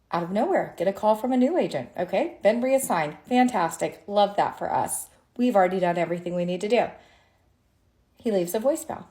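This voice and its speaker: A woman's voice: lowish voice, a little mellow. Exasperated woman tax attorney ranting. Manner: exasperated, sarcastic, emphatic. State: tired at the end of a long day. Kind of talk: ranting story monologue to camera.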